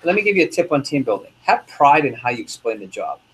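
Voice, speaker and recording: A young man, a sales division manager, speaking to a room of reps in a lively motivational meeting, full of quick asides. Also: mid-range voice.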